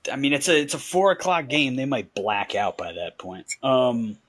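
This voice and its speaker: A man's voice: medium pitch, normal speed, a bit bright, dry recording. A man co-hosting a casual sports podcast, easygoing and rambling as he gives his picks. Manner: easygoing, rambling, laughs often. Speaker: podcast co-host.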